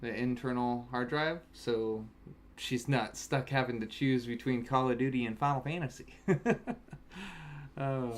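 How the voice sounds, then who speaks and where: A man casually chatting on a home stream while opening card packs, breaking into excited shouts over good pulls. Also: medium pitch, slight background noise. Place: home, in Alaska. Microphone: webcam setup.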